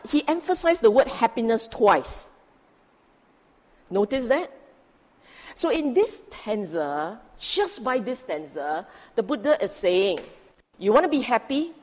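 A woman teaching Buddhist scripture in a dharma talk, emphatic and asking her listeners rhetorical questions. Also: on the high side. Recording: long hall reverb.

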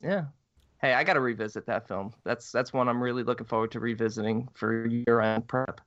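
A man co-hosting a podcast in casual chat, blunt, quick to swear, and often laughing. The sound is dry and a bit dull. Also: medium pitch, a bit bright, no room sound. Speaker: podcast co-host. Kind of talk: casual chat and reading listener email.

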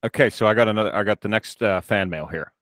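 A fairly low-voiced American man talking casually on a podcast, easygoing and a little rambling as he tells a story. The recording is dry and close, with no room sound. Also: quick pace, fairly bright tone, no room sound. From United States. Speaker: podcast host.

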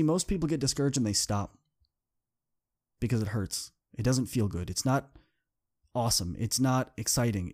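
A man's voice: a little high, darkish tone. A young man hosting a podcast, speaking earnestly in a motivational monologue that builds into impassioned repetition. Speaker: podcast host.

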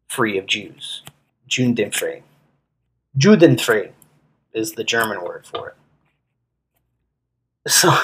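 A man's voice: fairly low pitch, a bit bright, husky, low-quality recording. A man co-hosting a history podcast in casual chat, blunt and profane, with a sarcastic edge. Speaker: podcast co-host.

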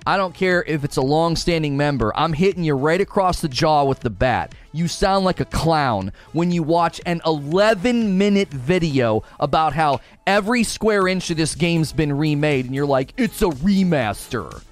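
A man's voice: fairly high pitch, lively intonation, normal speed, hardly any pauses, faint music behind. A man hosting a livestream, ranting at his chat in an exasperated, sarcastic, mocking way. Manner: mock voices of chatters. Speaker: livestream host.

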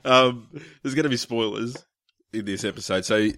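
A man co-hosting a podcast in casual chat, joking, swearing freely and tossing in quick asides. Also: mid-range voice, fairly bright tone, dry recording, studio quality. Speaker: podcast co-host.

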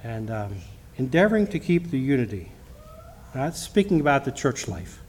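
Halting man preaching a church sermon. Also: medium pitch, very animated, darkish tone, a little hiss or hum. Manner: halting, with frequent restarts; reads scripture in King James wording. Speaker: lay preacher. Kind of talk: church sermon with personal testimony.

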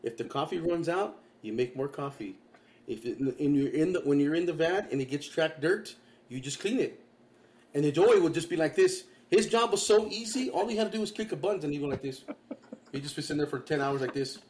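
A man's voice: on the high side, brisk. A man, co-hosting a casual group chat, teasing a friend and acting out what he said. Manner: animated teasing, laughs while talking, acts out quotes. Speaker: podcast co-host. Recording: faint background noise.

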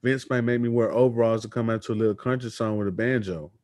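A man's voice: medium pitch, steady tone, quick pace, darkish tone, dry recording. A man co-hosting a podcast, casually chatting about wrestling news and reading quotes aloud. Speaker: podcast co-host.

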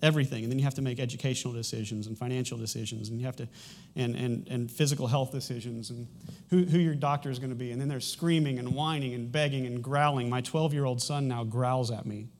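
A man's voice: mid-range voice, fairly even intonation, fast, few pauses, a little mellow. A man in his thirties delivers a sermon in a loose, conversational way. He often restarts his sentences and lets a light humor through as he goes. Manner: conversational and rambling, with frequent restarts. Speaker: pastor.

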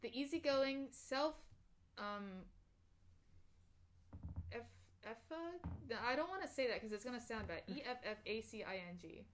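A woman's voice: on the high side, normal speed, long pauses, a little hiss or hum. Young woman reading quiz results on a podcast. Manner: reads aloud with fillers and restarts, laughs easily. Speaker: podcast co-host. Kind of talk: casual chat, reading test results aloud.

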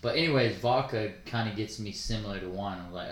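A man's voice: on the low side, fairly quick, a little hiss or hum. A man co-hosting a podcast in loose, rambling casual chat, swearing freely. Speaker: podcast co-host. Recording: echoey room.

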